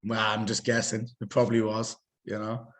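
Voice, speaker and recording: A middle-aged man with a Geordie accent chatting casually as a podcast guest, retelling stories with animated asides. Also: lowish voice, moderate pace. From North East England. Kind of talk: casual chat.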